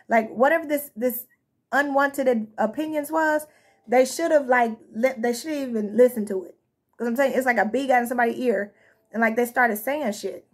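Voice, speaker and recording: A woman with a somewhat high, breathy voice gives a casual tarot reading to her viewers. She is blunt and chatty, swears freely, and calls them y'all and honey. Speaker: tarot reader.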